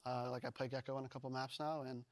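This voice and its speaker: A man answering interview questions as a pro player, in a casual, halting way with many fillers. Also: mid-range voice, level tone, no echo. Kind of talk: post-match interview answers.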